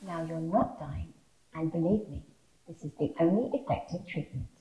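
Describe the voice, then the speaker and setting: A woman playing a calm, unflappable doctor. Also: deep voice, normal speed, reverberant, lightly acted, poor audio. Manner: calm, reassuring, matter-of-fact.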